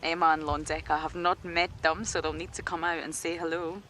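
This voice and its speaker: A woman's voice: low voice, flat delivery, fairly quick, fairly bright tone, a little hiss or hum. A woman safari guide giving chatty live wildlife commentary outdoors on a game drive, often laughing and dropping to a whisper near the animals.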